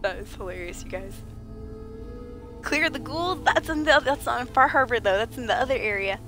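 A woman's voice: on the high side, expressive, normal speed, sharp tone, soft background music. Chatty woman livestreamer, a little sick. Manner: playful, chatty, laughs often, reads chat aloud. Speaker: livestreamer playing a game. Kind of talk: casual livestream chat with viewers.

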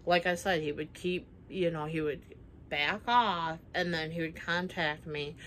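Slow-talking woman telling a rambling story. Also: sits low, steady tone, a bit bright, slight background noise. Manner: rambling, many fillers, acts out quoted lines. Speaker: vlogger. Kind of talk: casual storytime vlog.

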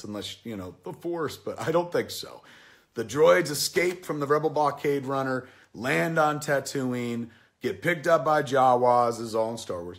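A man's voice: on the high side, a bit bright. A man in his forties giving a casual spoken movie review, rambling and heartfelt, with plenty of swearing. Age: 40s. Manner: rambling, profane, heartfelt storytelling. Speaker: film reviewer.

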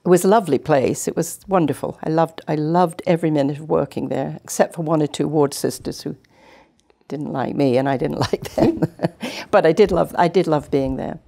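A woman in her seventies from England, a guest telling chatty, lively stories in a TV interview. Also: deep voice, brisk, creaky. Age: 70s. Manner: chatty, animated anecdotes. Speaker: guest, retired nurse. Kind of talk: casual storytelling interview. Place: community TV studio.

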